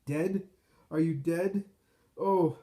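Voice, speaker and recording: A man's voice: medium pitch, moderate pace, dark tone, voice pushed up, lightly acted. A man reading as a distraught elderly rabbi who pleads in anguish, his voice raised and urgent. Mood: pleading.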